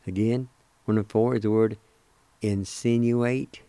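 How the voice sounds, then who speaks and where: A man gives a language lesson in a mellow, lowish voice, spelling and sounding out words syllable by syllable. He speaks very slowly and deliberately. The sound is dry and close. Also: dry recording. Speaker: radio language teacher.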